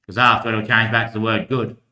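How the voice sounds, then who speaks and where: A man's voice: fairly low pitch, flat delivery, fairly quick, pushed and bright. A man talking in a long rambling monologue, laughing between thoughts. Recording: echoey room.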